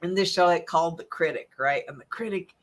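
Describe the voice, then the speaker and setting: A woman holistic health coach giving an animated, emphatic motivational talk, swinging between loud and soft. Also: lowish voice, brisk.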